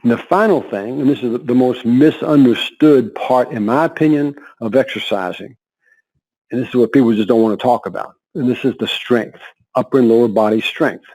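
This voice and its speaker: A man in his seventies, an interview guest telling lively anecdotes with frequent laughs and repeated words. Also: mid-range voice, fairly quick, poor audio. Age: 70s. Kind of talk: conversational storytelling.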